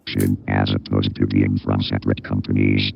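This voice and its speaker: A text-to-speech voice playing a monotone male robot beta voice, gravelly and flat. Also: rumbling low, moderate pace, heavily acted. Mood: robotic. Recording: dull lo-fi audio.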